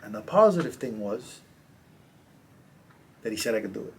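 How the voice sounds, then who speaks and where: A man, a coach, casually telling stories as a podcast guest, animated and slangy. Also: on the low side, normal speed, slight background noise. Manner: animated, slangy, acts out quotes. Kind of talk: casual storytelling in a podcast interview.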